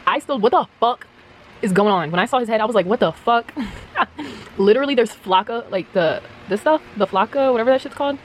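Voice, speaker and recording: A woman's voice: a little high, fairly quick. A young woman chatting casually to camera about restoring dolls, rambling and slangy, with lots of laughs. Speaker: doll restoration vlogger.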